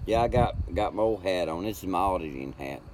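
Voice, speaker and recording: Older guy rambling to his chat from home, lowish voice, bit of road noise. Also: expressive, fairly quick, darkish tone. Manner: folksy, rambling, greets chat by name. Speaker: livestream host. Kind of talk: casual chat with viewers.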